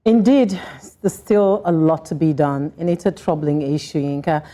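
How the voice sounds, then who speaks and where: A woman co-hosts a scripted TV talk show. Her voice is very low and very dark, and she speaks emphatically with evident concern. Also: moderate pace. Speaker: co-host.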